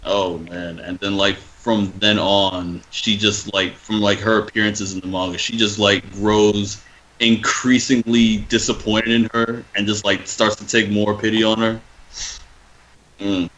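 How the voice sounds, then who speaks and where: A young man in a casual talk, recapping a story hesitantly, with many pauses and ums. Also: fairly low pitch, level tone, fairly bright tone, rough recording. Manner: hesitant, many ums, loses his thread. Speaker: podcast guest. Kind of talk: casual chat.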